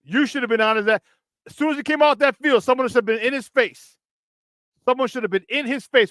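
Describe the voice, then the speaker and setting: On sports talk radio, a man with a high, expressive voice rants emphatically and hammers his arguments with repetition. He talks a little fast with a fairly bright tone. The recording is dry and close.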